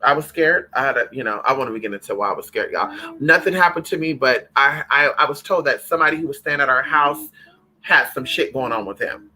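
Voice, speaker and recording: A man hosting a spiritual livestream, chatting casually with viewers in an animated, profane way, calling them honey and girl. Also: medium pitch, a little fast, rough recording.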